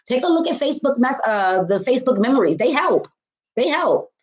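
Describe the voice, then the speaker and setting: A woman's voice: sits high, sing-song, brisk. A woman tarot reader giving a casual spiritual talk to her viewers, candid and profane, calling them baby and honey.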